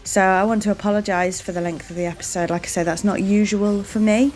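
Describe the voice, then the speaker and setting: A woman rambles cheerfully through her gaming commentary. Her voice sits in a middle register, and she stops often to thank her viewers. Soft game music plays faintly underneath. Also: medium pitch, fairly even intonation, fast talker. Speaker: gaming channel host. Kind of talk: let's-play commentary.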